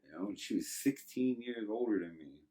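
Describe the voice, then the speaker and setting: A Texan man in his thirties recounts his past in an easygoing, meandering way, leaning on "you know" as he goes. His voice sits very low. The mic is a little distant from him. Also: lively intonation, brisk, warm tone. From Texas. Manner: loose and rambling, many "you know" fillers. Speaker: guest. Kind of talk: casual life-story telling.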